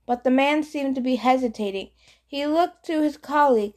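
Brief: woman audiobook reader, slightly high voice, easygoing first-person narration. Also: normal speed, darkish tone. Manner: casual first-person storytelling. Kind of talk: scripted narration.

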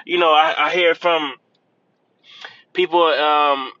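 A man hosting a talk show, riffing in casual slang and tacking a drawn-out "man" onto his lines. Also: fairly high pitch, fairly even intonation, pushed and bright, no room sound, dull audio. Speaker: podcast host. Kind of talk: casual commentary.

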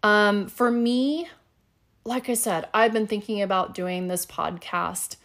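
A woman's voice: medium pitch, slow, fairly bright tone. A middle-aged woman hosting a solo podcast, talking in a chatty, upbeat way with plenty of fillers. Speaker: podcast host.

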